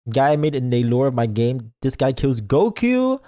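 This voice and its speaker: A man's voice: medium pitch, sing-song, normal speed, warm tone. A man streaming a game as a VTuber, chatting casually with his viewers in a playful, goofy, mock-defensive way.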